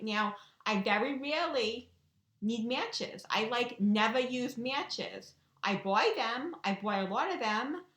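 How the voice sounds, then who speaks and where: High-voiced chatty woman, echoey room. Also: a bit bright. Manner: chatty, keeps checking in with "right?" and "you know". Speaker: vlogger. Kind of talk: casual storytelling to camera.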